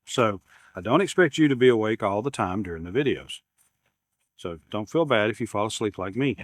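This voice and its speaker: A man's voice: on the low side, lively intonation, fairly quick, no echo, clean studio sound. A man, rambling casually as he unboxes gear at his workshop bench. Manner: rambling, repeats words, self-deprecating humor. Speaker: YouTube maker unboxing camera gear.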